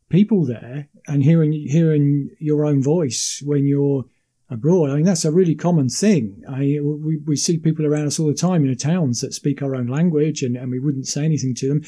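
Man, very mellow dark voice, slightly higher pitch, measured explanatory talk. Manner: measured, explanatory, with frequent repeated words. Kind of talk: casual conversation.

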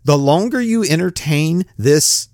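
Plain-talking preacher, male, animated delivery with big ups and downs, dry recording. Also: on the high side, unhurried, no echo. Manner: blunt, plain-spoken, swings between loud and muttered. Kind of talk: informal sermon.

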